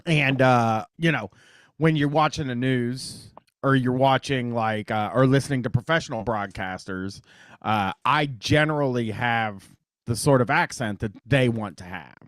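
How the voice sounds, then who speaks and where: A man's voice: medium pitch, measured pace, fairly bright tone, dry recording. Man, Midwestern accent, radio call-in host, rambling, casual swearing, dry close sound. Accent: Midwestern American. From Columbus, Ohio, US Midwest. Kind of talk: casual radio talk show chat.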